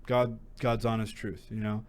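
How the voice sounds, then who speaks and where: A man's voice: lowish voice, flat delivery, normal speed. Young male host, casual and blunt, lots of fillers and restarts. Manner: chatty, frank, full of fillers and restarts. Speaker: crypto channel host. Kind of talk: casual vlog commentary.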